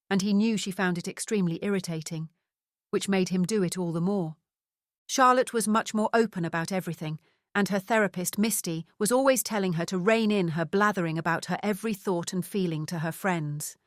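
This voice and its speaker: A woman narrating a mystery novel in an even, measured voice. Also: lowish voice, dry recording, studio quality. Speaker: audiobook narrator. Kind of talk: scripted narration.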